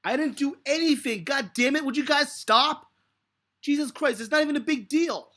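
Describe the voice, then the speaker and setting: A man's voice: extremely high pitch, normal speed, sharp tone. A man streaming live as a stock market analyst, ranting angrily and defensively at his viewers with heavy swearing. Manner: angry, defensive, swearing heavily.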